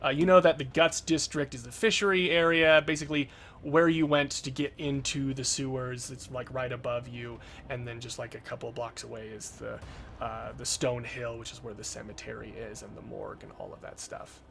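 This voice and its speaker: A man's voice: medium pitch, flat delivery, normal speed, vocal fry, background noise. A man narrating as game master of a tabletop game in a loose, rambling way, with lots of fillers.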